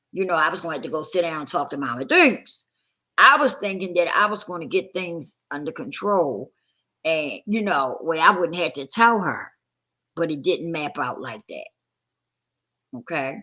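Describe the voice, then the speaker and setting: A woman with a husky, slightly low voice tells her own story in a relaxed, candid way. Her delivery is animated and swoops freely in pitch. The tone stays bright and forward, and she slips into the voices of people she quotes. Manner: conversational, acts out quoted dialogue. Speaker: personal testimony speaker.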